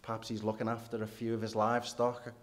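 A man, preaching a sermon in church with rhetorical questions, dropping low and quiet for emphasis. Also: monotone, quick pace.

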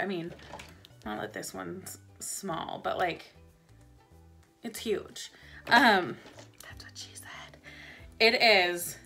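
A woman's voice: mid-range voice, bright, forceful tone. A young woman chatting casually about a shopping haul, bubbly and repetitive for emphasis. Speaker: beauty vlogger.

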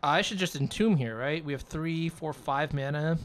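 A young adult card game player thinking aloud during a match, swearing often in frustration between calmer planning. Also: mid-range voice, measured pace, slight background noise. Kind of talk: live gameplay commentary, thinking aloud.

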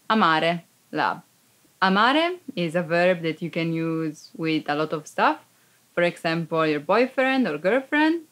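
A young woman from Italy with an Italian accent, teaching a beginner language lesson and explaining each phrase slowly with plenty of examples. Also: on the low side, a bit bright.

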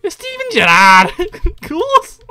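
A man's voice: wildly swooping pitch, takes it slowly, soft background music, heavily acted. A man putting on a brash Scouse football boss. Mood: boastful. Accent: put-on Scouse. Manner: shouted, high and brash. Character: loud excited Liverpool football man, gruff and boastful.

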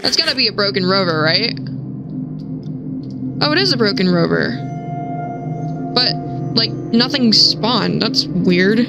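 A young woman giving casual gameplay commentary, excitable, swearing and shrieking when startled. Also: medium pitch, unhurried, creaky, long pauses, poor audio. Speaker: gaming streamer. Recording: music playing behind the voice.

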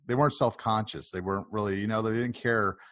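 Male podcast host, lower pitch, easygoing questions, dry recording. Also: fast, no room sound. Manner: relaxed, encouraging listener. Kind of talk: casual interview.

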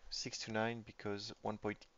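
A man's voice: on the low side, monotone, unhurried, fairly bright tone. A man giving casual live-stream commentary on a tabletop game, thinking aloud as he reads the game state. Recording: dull lo-fi stream audio.

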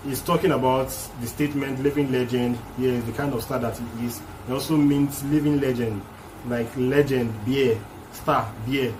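A man's voice: mid-range voice, fairly even intonation, normal speed. Guy doing a reaction vid, explains the bars line by line, chill chatty tone, bit of hiss behind. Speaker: reaction video host. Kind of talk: casual music reaction commentary.

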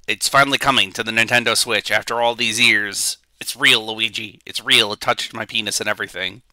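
A man's voice: on the low side, fairly even intonation, brisk, sharp tone. A male streamer joking around on a live reaction stream, rambling with goofy asides.

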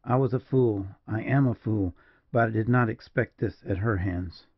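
A man voicing a grave frontier partisan major who speaks slowly and mournfully, in a dull, dry recording. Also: on the low side, no room sound. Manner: slow, mournful, measured.

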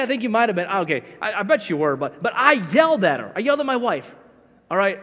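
A man's voice: sits high, big pitch swings, a little fast, sharp tone. A middle-aged man preaching a sermon as pastor, telling self-deprecating stories in a conversational way. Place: church sanctuary. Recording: long church hall reverb.

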